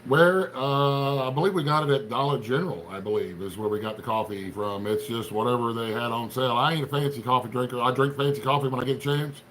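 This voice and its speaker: Talking fast with few pauses, a middle-aged livestream host from Appalachian Ohio greets viewers by name in a casual, folksy ramble. He has a medium-pitched, slightly bright voice and an Appalachian accent.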